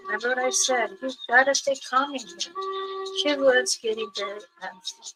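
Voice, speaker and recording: A woman with a fairly high voice tells a rambling story at an unhurried, drawn-out pace. She is an elder healer on a livestream, and her voice keeps leaping up in pitch mid-sentence. Clear music plays behind her. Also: poor audio. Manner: rambling, with sudden jumps up in pitch. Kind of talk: casual spoken storytelling on a livestream.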